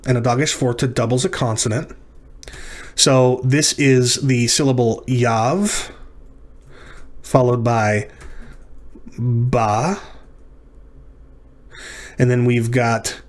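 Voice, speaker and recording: A man teaching a recorded lecture, talking through each exercise step by step. He thinks aloud, pauses on ums and corrects himself as he goes. His voice sits at an ordinary middle pitch.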